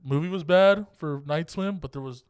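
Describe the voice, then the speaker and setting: A young man co-hosting a podcast, chatting casually about films in an excitable, profane way and laughing often. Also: on the high side, moderate pace, clear, resonant tone, no echo. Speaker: podcast co-host. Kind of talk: casual movie review chat.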